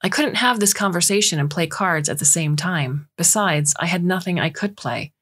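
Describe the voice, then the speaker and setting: Low-voiced woman reading a story. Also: animated, moderate pace, fairly bright tone, breathy edge. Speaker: narrator. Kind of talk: scripted narration of a short story.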